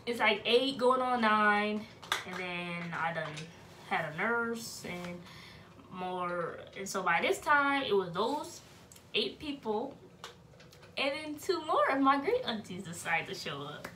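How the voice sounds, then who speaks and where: A woman's voice: medium pitch, unhurried, far from the mic, background noise. A young woman, telling a story casually as a vlogger and acting out the voices of the people in it. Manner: animated, acts out voices of relatives and nurses.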